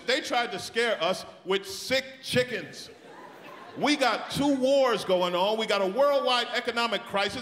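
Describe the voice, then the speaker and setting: A man doing live stand-up in a large theatre, ranting loudly and mocking people in put-on voices. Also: extremely high pitch. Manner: loud, rapid rants with mocking put-on voices. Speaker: stand-up comedian. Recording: echoey theatre with crowd noise. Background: audience laughter and applause.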